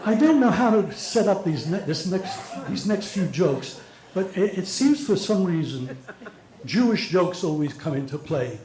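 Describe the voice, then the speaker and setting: A man's voice: high-pitched, lively intonation, a little slow, darkish tone, a faint crowd. An older man doing stand-up, telling jokes and acting out the characters in them, sometimes stumbling over words. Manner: storytelling, acts out characters, occasional stumbles. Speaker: stand-up comedian. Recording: echoey room.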